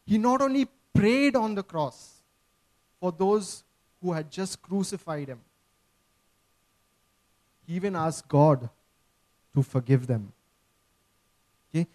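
A man's voice: sits high, a little mellow. A man preaching a sermon, earnest and emphatic, often checking in with his listeners.

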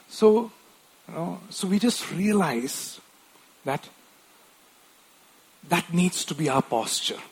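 Male preacher, slightly high voice, husky, slow and chatty sermon delivery. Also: lively intonation. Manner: conversational, frequent tag questions and restarts; wife mentioned.

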